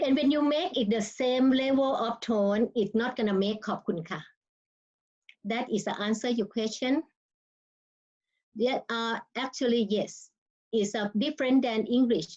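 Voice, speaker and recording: A woman's voice: on the high side, steady tone, brisk, a little mellow, dull audio. A woman with a Thai accent teaching her language in an online lesson, speaking non-native English and sounding out words tone by tone. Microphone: video call.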